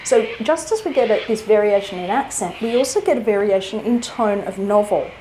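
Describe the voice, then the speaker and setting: A woman's voice: medium pitch, lively intonation, brisk, mellow, slight background noise, rough recording. A woman from Australia with an educated New South Wales accent, giving a casual talk on literature as a writing teacher, chatty, with many fillers and restarts.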